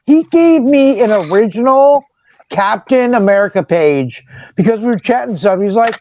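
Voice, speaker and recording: A man from Seattle chatting casually on a video call, telling animated, slangy stories. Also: high-pitched, moderate pace, no room sound, highs cut off. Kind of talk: casual chat.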